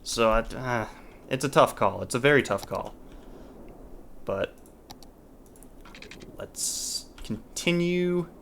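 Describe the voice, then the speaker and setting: A man's voice: medium pitch, lively intonation, slow pace, gravelly, long pauses, fairly bright tone, slight background noise. A man hosting a let's play, talking casually as he thinks aloud, restarting sentences and trailing off, with mild exasperation. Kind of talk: casual gameplay commentary.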